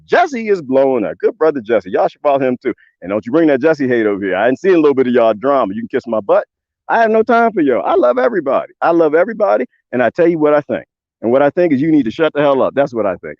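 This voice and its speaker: A man, ranting loudly in a casual livestream with folksy swearing. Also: a little high, no echo. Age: 20s. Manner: loud, animated, swearing, folksy drawl. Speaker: livestream host. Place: outdoors on a homestead. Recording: dull lo-fi dry sound.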